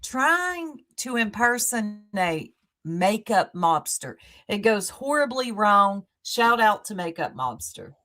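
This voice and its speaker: A woman's voice: medium pitch, very animated, takes it slowly, pushed and bright. A woman hosting a live stream in casual chat, greeting her viewers by name and laughing often as she talks. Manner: laughs often while talking. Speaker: livestream host.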